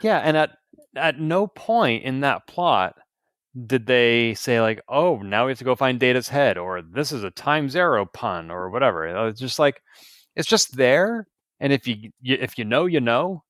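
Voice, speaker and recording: Guy cohosting a podcast, rambly casual chat, mid pitch, dry close sound. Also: very animated, normal speed, fairly bright tone, no echo. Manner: chatty, rambling with restarts. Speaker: podcast co-host.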